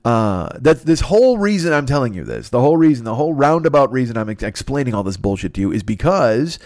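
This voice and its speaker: A man's voice: mid-range voice, very animated, fast, a little mellow, no room sound. A man hosting a podcast alone, rambling in a profane, self-deprecating way, tired and a little stuffed up. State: stuffy nose, tired and yawning. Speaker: podcast host. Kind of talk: solo rambling monologue.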